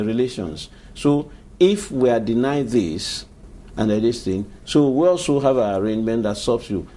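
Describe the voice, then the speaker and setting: A man's voice: mid-range voice, warm tone. A Nigerian man answering as an aviation expert guest in a studio interview, explaining emphatically and often repeating himself.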